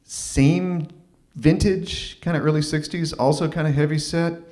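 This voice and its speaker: Male open mic storyteller, wry self-deprecating delivery, halting restarts, stage mic. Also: fairly high pitch, steady tone, a little mellow. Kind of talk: live storytelling set. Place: small arts venue stage.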